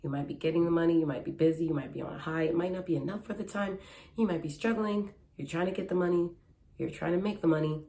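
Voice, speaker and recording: A woman's voice: on the low side, fast, mellow. A young woman who works as a matchmaker, talking earnestly and conversationally in a casual advice vlog, repeating her key points. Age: young adult.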